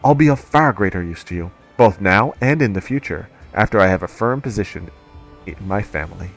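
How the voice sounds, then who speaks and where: A man's voice: deep voice, lively intonation, fairly quick, vocal fry, soft background music. A man voicing a polite, scheming seventeen-year-old noble heir in a game. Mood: persuasive.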